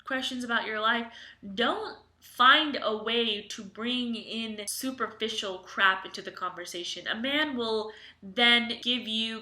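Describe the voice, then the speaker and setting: A woman's voice: fairly high pitch, sharp tone, echoey room. A woman co-hosting a casual podcast, giving earnest dating advice and often agreeing. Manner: earnest, agreeable advice with many affirming responses. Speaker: podcast co-host. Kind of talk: casual chat.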